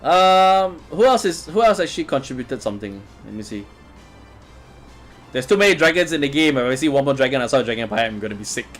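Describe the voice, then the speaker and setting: Over faint background music, a man with a mid-range, slightly bright voice talks fast and animatedly. He runs a laid-back live stream, chatting through viewer comments and chuckling frequently.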